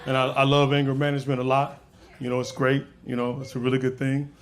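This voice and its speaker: A man's voice: mid-range voice, completely flat delivery, quick pace. A man performing stand-up on a comedy club stage, rambling casually toward crude punchlines. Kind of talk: stand-up routine. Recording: very noisy live club recording.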